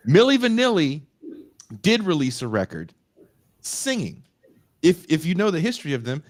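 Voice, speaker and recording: A male podcast host telling a long story in a loose, profane, animated way. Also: fairly high pitch, no echo, studio quality. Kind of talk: casual storytelling chat.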